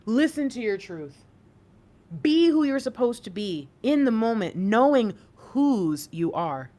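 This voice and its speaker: A woman's voice: on the high side, very animated, measured pace, mellow. A woman giving a casual spiritual card reading, chatty and encouraging, often laughing as she talks. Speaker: intuitive reader.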